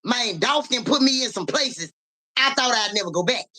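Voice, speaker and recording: This is casual livestream talk from a woman posing as a psychic reader, her voice fairly high, animated and sharp at a moderate pace. She uses profane street slang, addresses viewers by name, repeats "you hear me," and occasionally coughs or clears her throat.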